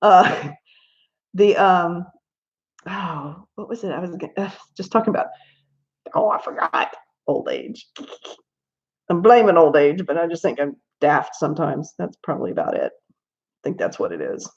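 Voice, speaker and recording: A woman's voice: on the low side, animated, a little slow, creaky, pauses often, darkish tone. A Southern American woman hosting a casual coloring livestream, chatting and telling stories with lots of laughs and asides. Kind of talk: casual chat while coloring. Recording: slightly dull lo-fi stream audio.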